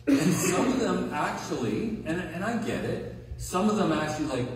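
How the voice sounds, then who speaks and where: A man's voice: fairly high pitch, expressive, normal speed, noisy background. A male pastor preaching a conversational sermon, stressing key words and checking in with his listeners. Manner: conversational, emphatic, checks in with audience. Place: large hall or sanctuary. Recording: echoey hall recorded from far off.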